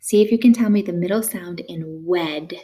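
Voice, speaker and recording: A woman teaching a phonics lesson to young learners. She gives slow, clear prompts, pauses for answers and offers steady praise. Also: lowish voice.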